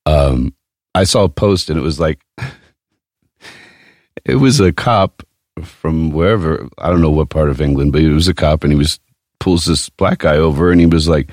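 A man hosts a casual podcast, relaxed and liberal with curse words. His voice sits very low and sounds dry, close to the mic. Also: normal speed, long pauses, no echo. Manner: laid-back, profane. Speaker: podcast host. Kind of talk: casual chat.

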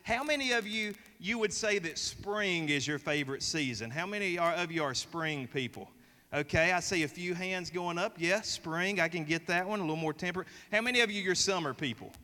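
Southern man preaching with a bright voice. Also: high voice, a little fast. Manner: folksy, joking, polls the congregation. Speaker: pastor. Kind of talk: sermon. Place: church sanctuary. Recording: long reverb of a church hall.

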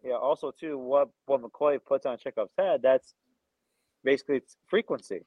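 A man's voice: medium pitch, moderate pace, no room sound. A man co-hosting a podcast, talking casually and eagerly, crude at times and often repeating himself. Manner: enthusiastic, crude, repeats words. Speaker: podcast co-host. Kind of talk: casual film review chat. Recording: dull, dry, slightly lo-fi.

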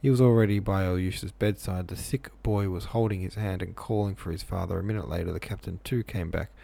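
A man reads a novel aloud in a low voice with a gravelly edge and a dark, mellow tone. His reading is plain, and his asides are offhand and casual, filled with "like". The sound is close and dry. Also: steady tone, brisk. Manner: offhand, says "like" a lot. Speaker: reader.

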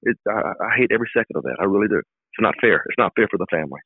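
Man, middle-aged, very low husky voice, tinny dry phone line, fervent campaign speech. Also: lively intonation, racing, no echo. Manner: fervent, emphatic, repetitive speechmaking. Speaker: political candidate guest. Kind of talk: campaign interview.

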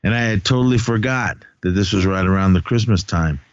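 A man's voice: fairly low pitch, fairly quick, smooth, muffled recording. A man co-hosting a movie podcast, talking casually and rambling with lots of fillers and laughs. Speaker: podcast co-host.

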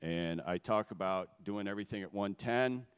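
Standing on a stage in front of a gathering, a man with a low, smooth voice shares personal testimony as a guest speaker. His storytelling is earnest, emotional and halting, and a large hall's long echo carries through the audio.

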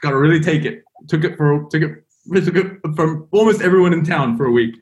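A man's voice: on the high side, fairly quick, a little mellow. A young man, a podcast guest, telling a story casually and rambling with many fillers. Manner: rambling, full of "like" and "you know".

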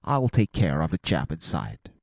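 A man puts on a burly doctor for a storybook reading, grim and terse. The delivery is deep and gravelly, with a lively swing in pitch. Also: normal speed, no room sound, full character voice.

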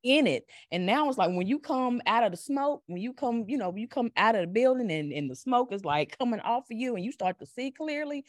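A woman's voice: medium pitch, animated, normal speed, hardly any pauses, no room sound, studio quality. A woman with a North Carolina Southern accent talking frankly in a casual conversation, emphatic and swearing, often restarting her sentences.

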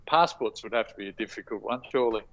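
A man chatting casually as a podcast co-host, talking haltingly and repeating his words. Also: fairly low pitch. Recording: muffled, lo-fi audio.

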